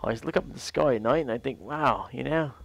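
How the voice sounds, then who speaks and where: A man's voice: mid-range voice, quick pace, creaky, no echo. A man doing a mock Australian accent as a laid-back stargazer, drawling and dreamy. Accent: put-on Australian.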